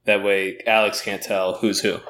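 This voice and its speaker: A man co-hosting a comedy podcast with a bright, clear voice. He jokes freely and laughs easily while chatting with his friends. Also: fairly low pitch, level tone. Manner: joking, quick to laugh. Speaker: podcast co-host. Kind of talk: casual comedic banter.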